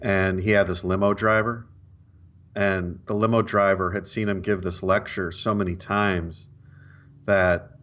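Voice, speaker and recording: A man's voice: deep voice, little pitch movement, a little slow, fairly bright tone, dull audio. A man co-hosting a podcast, a dry, joking storyteller who halts and restarts. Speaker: podcast co-host. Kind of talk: casual chat and joke telling.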